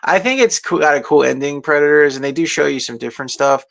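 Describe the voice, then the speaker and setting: A young man talks casually about films in a gravelly, creaky voice. He rambles along with plenty of fillers and restarts. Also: on the high side, fast. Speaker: movie discussion guest. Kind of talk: casual movie chat.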